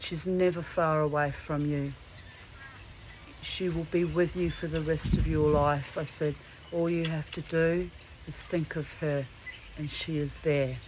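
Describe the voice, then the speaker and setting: A woman's voice: deep voice, a little mellow, rough recording. A woman telling a personal story in a casual vlog, earthy and swearing freely, calling people darling. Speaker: vlogger. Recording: faint background noise.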